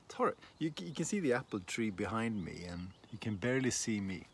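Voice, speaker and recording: Low-ish guy rambling slow outside in the garden, laughs at himself, bit of wind. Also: sing-song. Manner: rambling, self-deprecating, many restarts. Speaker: shaving vlogger. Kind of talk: casual outdoor vlog chat. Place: outdoors in a windy garden.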